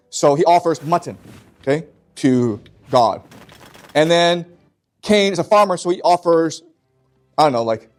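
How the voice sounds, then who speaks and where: A man's voice: a little high, a little mellow. A man teaching a class in an emphatic way, often stopping to check that his students follow. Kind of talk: classroom lecture.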